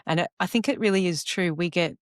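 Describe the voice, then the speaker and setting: A middle-aged woman hosting a podcast interview, warm and effusive, often restarting her sentences. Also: fairly low pitch, fast talker, no room sound, clean studio sound. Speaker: podcast host. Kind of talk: casual interview chat.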